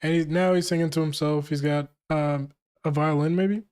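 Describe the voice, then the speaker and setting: A young man reads a manga chapter aloud and reacts to it as he goes, cracking jokes and laughing along the way. His voice sits a touch higher than most men's, and his talk stays relaxed and casual. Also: normal speed, clear, resonant tone. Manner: reads dialogue aloud, breaks off to joke and laugh.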